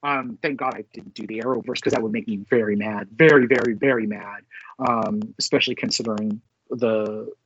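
A man co-hosting a podcast in casual chat, excitable and swearing freely, with lots of fillers. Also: fairly low pitch, brisk, slight background noise. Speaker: podcast co-host. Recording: dull lo-fi sound, dry.

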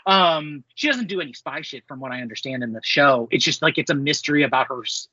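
A man co-hosting a podcast, chatting excitably and profanely about a movie. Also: on the high side, fast talker, breathy edge, dry recording, highs cut off. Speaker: podcast co-host. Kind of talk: casual movie chat.

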